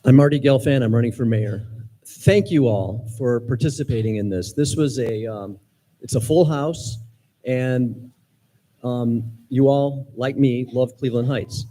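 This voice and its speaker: A middle-aged man from Ohio speaking as a mayoral candidate, sincere but halting, with many ums and restarts. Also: medium pitch, dark tone, low-quality recording. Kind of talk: campaign speech at forum.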